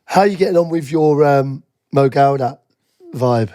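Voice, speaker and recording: A man co-hosting a podcast in casual chat, a bit husky today, full of teasing banter. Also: mid-range voice, moderate pace, warm tone, no room sound, studio quality. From England. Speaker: podcast co-host.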